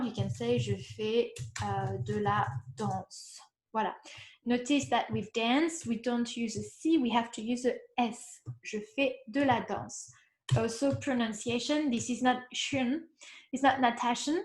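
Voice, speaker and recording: A woman from France with a French accent, teaching an online language lesson in an encouraging way, slowing down to model pronunciation. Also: on the high side, reverberant. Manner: encouraging, asks rhetorical questions, slows down to model pronunciation.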